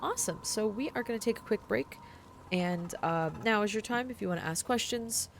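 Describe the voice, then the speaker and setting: A woman's voice: mid-range voice, brisk, a little hiss or hum. A woman player co-hosting a tabletop game stream, chatting casually with many ums and restarts. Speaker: player and co-host. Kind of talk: casual chat.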